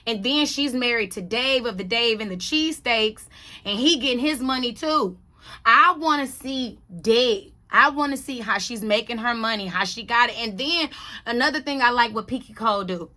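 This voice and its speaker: A sassy woman talks through a reality TV recap in a bright, forceful voice. Her pitch sits a little high. She is blunt and repeats her points for emphasis. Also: brisk. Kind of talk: casual opinionated chat.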